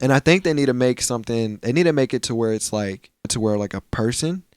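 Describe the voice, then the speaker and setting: A man's voice: medium pitch, fast talker, clean tone, no room sound, clean studio sound. A young man co-hosting a podcast in casual chat, retelling scenes with lots of slang and swearing and acting out the characters. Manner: animated storytelling, acts out quoted characters. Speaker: podcast co-host.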